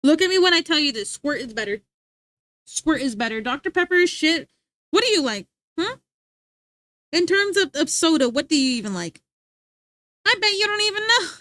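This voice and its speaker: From her home streaming setup, a young woman reads chat and talks casually with viewers, frequently laughing and teasing them in fun. The voice is high-pitched and a bit bright, swinging widely in pitch at a moderate pace, with no room sound.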